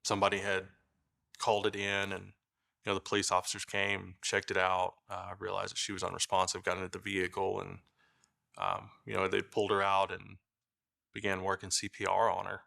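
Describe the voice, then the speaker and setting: A middle-aged man giving a halting documentary interview, with many fillers and restarts. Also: deep voice, completely flat delivery, gravelly, bright, forceful tone. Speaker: brother of the deceased.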